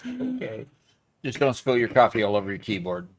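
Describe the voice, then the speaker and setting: A man hosting a gaming stream, easygoing and quick to laugh at himself. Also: mid-range voice, wildly swooping pitch. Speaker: streamer host. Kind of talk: casual stream banter.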